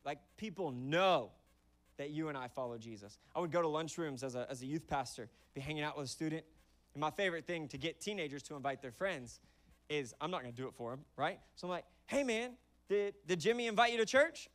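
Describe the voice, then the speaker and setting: A young adult man preaching a sermon in a church, conversational and animated, acting out quick bits of dialogue as he tells stories. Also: a little high. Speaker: pastor. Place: church auditorium.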